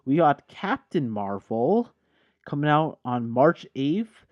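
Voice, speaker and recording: A tipsy podcast host speaks slowly in a slightly high, sing-song voice, rambling through a casual chat and correcting himself as he goes. The recording is dry, dull and lo-fi.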